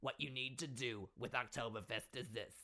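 A man's voice: mid-range voice, moderate pace, pushed and bright, voice pushed down. A man voicing a flamboyant older Jewish New York lady who gives advice, gushing and campy, calling people sweetheart and doll. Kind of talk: comedy advice segment.

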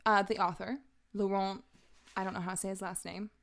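A woman's voice: mid-range voice, flat delivery, fairly quick, vocal fry, fairly bright tone. A young woman, an actress, chatting as a podcast guest in an easygoing, thoughtful manner. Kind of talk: casual interview chat.

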